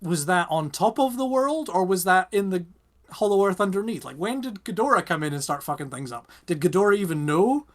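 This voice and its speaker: A young British man co-hosts a casual podcast, his voice sitting a little high for a man. He rambles with plenty of animated rhetorical questions. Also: brisk. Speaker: podcast co-host. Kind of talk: casual chat.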